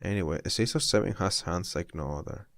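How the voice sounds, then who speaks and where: Brief: casual male streamer, low and laid-back, dry. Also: quick pace, gravelly, fairly bright tone, no echo. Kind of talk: casual reaction commentary.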